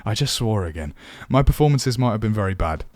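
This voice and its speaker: A man's voice: lowish voice, expressive, fairly quick, a little mellow, no room sound, soft background music. A man teaching voice acting for tabletop games, chatty and self-deprecating. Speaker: dungeon master teaching voice acting. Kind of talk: casual tutorial.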